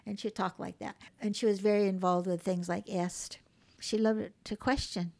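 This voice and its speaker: Woman storyteller with a gravelly edge. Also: mid-range voice, normal speed. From Hawaii. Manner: animated storyteller acting out quoted voices. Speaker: memoir author, guest. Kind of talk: casual interview storytelling.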